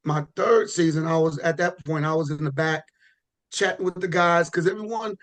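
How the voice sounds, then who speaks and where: Relaxed, rambling man, fairly high voice. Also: normal speed. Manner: relaxed, rambling with frequent restarts and "you know". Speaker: podcast guest, pro bodybuilder. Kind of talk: casual podcast chat.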